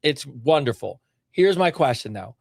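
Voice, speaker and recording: A man co-hosting a podcast in casual chat, talking in an animated, emphatic way with many restarts. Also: mid-range voice, moderate pace, gravelly, slightly rough, no room sound, clean studio sound. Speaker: podcast co-host.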